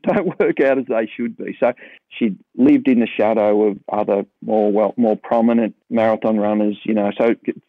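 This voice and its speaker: A man's voice: mid-range voice, no room sound. A man with an Australian accent reflecting at length in an interview, talking in a rambling way, with a tinny phone-like dry sound.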